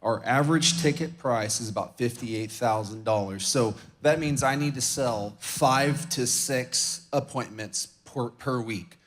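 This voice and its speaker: A man with a middle-range voice speaks up from the audience at a business event. He lays out his sales math one step at a time in a steady, methodical way. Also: medium pitch, a little slow, few pauses. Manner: methodical, walks through numbers step by step. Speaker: conference attendee. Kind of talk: sharing an example from the floor.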